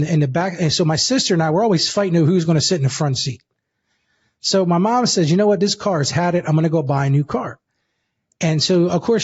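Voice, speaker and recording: A man with a high, husky voice tells a story in a lively, casual way. The audio is dull and lo-fi. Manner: lively, casual, addresses listener as dude. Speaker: guest. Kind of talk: animated storytelling.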